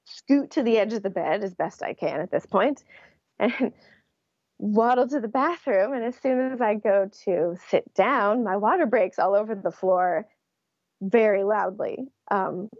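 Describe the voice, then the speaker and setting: A woman's voice: medium pitch, unhurried, a little mellow, dry recording, muffled recording. A young adult woman, an interview guest, telling her story in a casual way and laughing often. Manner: laughs often while recounting.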